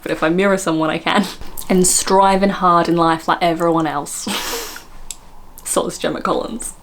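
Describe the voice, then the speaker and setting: An Australian woman vlogging in casual chat, apologetic and self-mocking, often breaking into laughter. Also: fairly low pitch.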